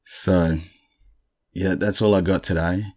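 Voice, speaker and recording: A man hosting a podcast, retelling a story in a relaxed, chatty, dryly amused way, with a congested morning voice. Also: low-pitched, slow, dry recording, studio quality. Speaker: podcast host.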